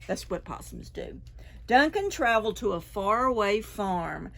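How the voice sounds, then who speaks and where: A woman librarian reading a picture book aloud to preschoolers in a library, expressive and full of sound effects and asides. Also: medium pitch, unhurried, creaky. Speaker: children's librarian. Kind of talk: preschool storytime read-aloud.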